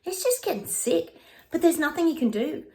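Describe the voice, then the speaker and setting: A woman's voice: high-pitched, very animated, normal speed, warm tone. A middle-aged woman, a psychic, chatting casually and at rambling length with her viewers. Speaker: psychic reader. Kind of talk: casual livestream chat with tarot readings.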